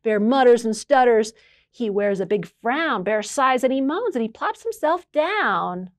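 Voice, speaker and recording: Slow, sing-song storytime reader, woman. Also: a little high, expressive, no room sound, studio quality. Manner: warm sing-song, slow and clear for children. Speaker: children's librarian. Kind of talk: children's storytime reading.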